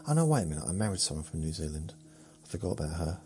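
A man, rambling slowly through a meandering bedtime monologue with muttered asides that trail off. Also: low voice, big pitch swings, darkish tone, soft background music. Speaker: sleep podcast host.

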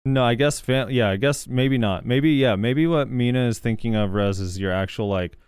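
This man co-hosts a gaming podcast, reading viewer comments aloud and responding in a casual, halting way full of fillers. He has a mid-range, slightly mellow, clear and resonant voice at a moderate pace, recorded in studio quality with no room sound.

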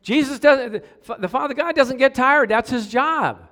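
A middle-aged man preaching a sermon, telling stories with hushed asides and sudden loud exclamations, and calling out for responses from the congregation. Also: extremely high pitch, normal speed. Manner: animated storytelling, swings from hushed to loud exclamations. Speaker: pastor.

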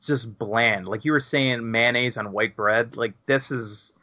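Bright-voiced man, dull dry recording. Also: mid-range voice, a little slow, no echo. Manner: rambling, restarts a lot, laughs along. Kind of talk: casual chat.

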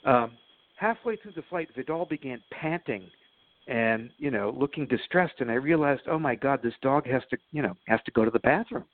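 A man's voice: medium pitch, expressive, normal speed. A man telling stories as a guest in an interview, chatty and laughing at his own stories, with lots of fillers. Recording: phone line.

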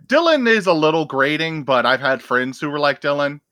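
A man's voice: on the high side, sing-song, moderate pace, pushed and bright, dry recording, studio quality. A man chatting casually and enthusiastically, often laughing. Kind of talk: casual chat.

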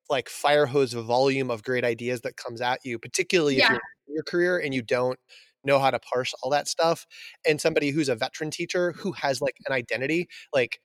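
A man's voice: medium pitch, fairly bright tone, no room sound, studio quality. A man hosting a podcast and chatting casually with a fellow teacher, enthusiastic and rambling, with lots of "like". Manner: enthusiastic, uses "like" a lot, rambling. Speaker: podcast host, biology teacher. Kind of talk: casual interview chat.

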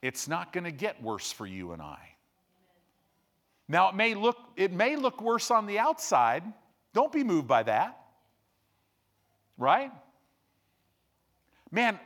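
A man preaching a sermon, telling stories animatedly, with sudden loud bursts and quiet asides. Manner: animated storyteller, swings between loud bursts and low hushed asides. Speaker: pastor. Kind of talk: sermon storytelling.

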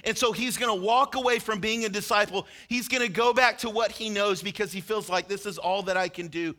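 High, bright-voiced man preaching a sermon. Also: fairly even intonation, fairly quick. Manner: earnest storytelling, acting out quoted lines with rising intensity. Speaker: pastor.

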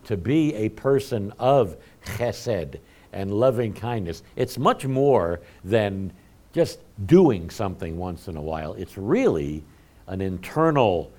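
A man's voice: on the low side, a little mellow. A middle-aged man preaching a conversational sermon in a folksy, self-deprecating way, chuckling often. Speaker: pastor.

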